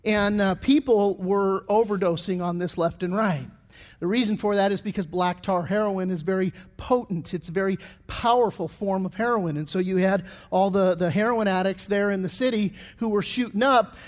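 A middle-aged pastor delivering a sermon in a fairly high voice. He tells his stories loosely, restarting phrases and filling pauses as he goes, and his voice rings out into a long hall reverb. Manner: storytelling with many restarts and fillers.

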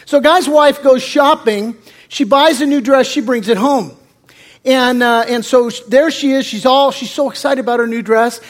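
High-pitched guy preaching, loose and chatty, lots of uhs and restarts. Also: moderate pace. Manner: conversational, joking, with many fillers and restarts. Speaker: pastor. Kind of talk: sermon.

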